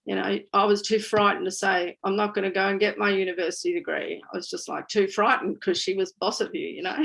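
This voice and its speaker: A woman's voice: mid-range voice, steady tone, a little fast, vocal fry, few pauses, fairly bright tone, rough recording. A woman, a guest speaker telling her story in a candid, chatty way at a community talk. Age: 60s. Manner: candid, chatty, laughs easily.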